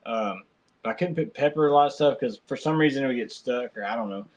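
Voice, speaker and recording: A man's voice: mid-range voice, fast, lo-fi sound. A man hosting a podcast, telling family stories in a loose, colloquial way with frequent restarts. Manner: rambling storyteller, colloquial, many restarts. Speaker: podcast host. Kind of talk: casual chat.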